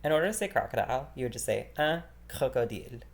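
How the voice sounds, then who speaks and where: Relaxed man teaching beginner vocabulary. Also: mid-range voice, vocal fry. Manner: relaxed, filler-heavy explaining, repeating each word slowly. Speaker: French teacher.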